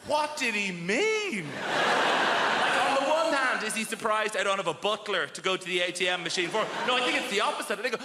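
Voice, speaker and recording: A man performing a stand-up routine, telling quick stories and acting out the quotes. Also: high voice, lively intonation, heavy background noise. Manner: brisk storytelling with acted-out quotes and asides. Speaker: stand-up comedian. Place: large theatre stage. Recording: echoey theatre with loud crowd laughter.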